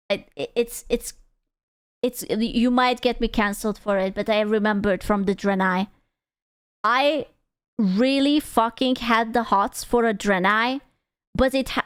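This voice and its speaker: A woman's voice: on the high side, clean tone, no echo, studio quality. A young woman streamer reacting to a video in casual, crude, jokey commentary, often stumbling and restarting her sentences.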